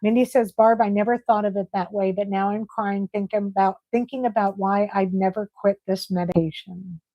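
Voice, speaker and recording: A middle-aged woman hosting a casual live stream, chatting and reading viewer comments aloud in an animated way. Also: medium pitch, moderate pace, no room sound, muffled recording. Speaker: livestream host.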